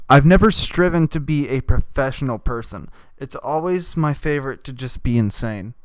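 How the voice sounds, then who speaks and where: A man's voice: medium pitch, expressive, moderate pace, no room sound. A young man hosting a podcast, riffing profanely in a rambling comedic monologue and putting on voices for the people he quotes. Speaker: podcast host.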